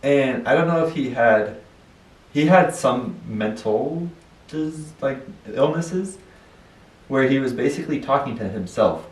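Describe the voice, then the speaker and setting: Young guy on a podcast, telling stories all animated, kinda echoey and far from the mic. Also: mid-range voice, unhurried. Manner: animated storytelling with laughs. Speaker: podcast co-host. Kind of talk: casual chat. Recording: roomy, distant mic.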